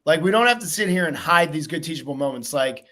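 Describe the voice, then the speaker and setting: A man hosting a casual podcast chat, talking in an animated, profane way and acting out quotes. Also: fairly high pitch, fast. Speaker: podcast host.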